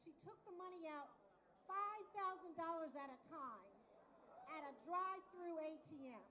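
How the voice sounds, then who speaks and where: A woman's voice: extremely high pitch, normal speed, muffled recording. A woman speaking at a luncheon from a microphone, chatty and talking straight to the audience. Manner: chatty, addresses the audience directly. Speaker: event speaker for a prosecutor's office unit. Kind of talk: speech at a luncheon. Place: large hall at a luncheon event.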